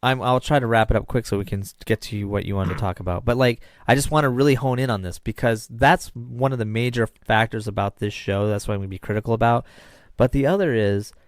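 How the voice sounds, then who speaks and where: A man's voice: mid-range voice, fast talker, no room sound, clean studio sound. Ranting man on a podcast. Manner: animated, opinionated ranting. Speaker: podcast co-host. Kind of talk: casual chat.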